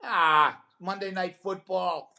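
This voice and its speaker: A man's voice: high-pitched, steady tone, slow pace, bright, forceful tone. A middle-aged male comedian on a radio show, telling a rambling road story full of fillers and laughs. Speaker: comedian guest. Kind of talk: casual storytelling interview. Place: radio studio.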